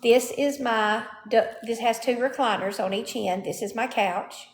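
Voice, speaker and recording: A woman's voice: fairly high pitch, measured pace. Chatty woman showing off her home. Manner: chatty, checks in with "okay?" often. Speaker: home vlogger. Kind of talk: casual show-and-tell vlog. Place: indoors at home.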